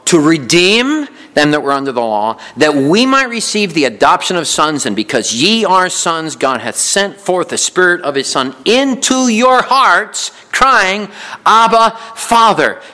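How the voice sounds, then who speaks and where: A man preaching a sermon in a church, lively and conversational, laughing now and then and repeating himself as he builds a point. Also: high voice, a little slow, few pauses. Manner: lively preaching with chuckles and repetitions. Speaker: pastor. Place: church sanctuary.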